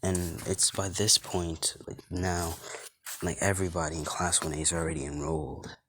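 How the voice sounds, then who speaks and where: A young man with a deep, low voice tells a fan story off the cuff, stringing events together in loose run-on clauses. His delivery is casual and rambling, with a faint hiss of background noise. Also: little pitch movement, moderate pace.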